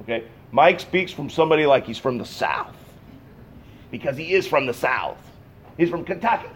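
A man preaching in a church, his voice set a little higher than most men's. He swings between loud, emphatic bursts and hushed, intense passages as he talks to his congregation. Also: expressive, moderate pace, slight background noise. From Pacific Northwest. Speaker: pastor. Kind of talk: sermon. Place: church sanctuary.

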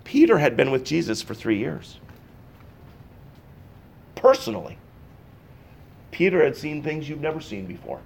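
A man preaching in a church, his voice set a little higher than most men's. He swings between loud, emphatic bursts and hushed, intense passages as he talks to his congregation. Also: sing-song, unhurried, creaky, pauses often, slight background noise. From Pacific Northwest. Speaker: pastor. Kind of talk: sermon. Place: church sanctuary.

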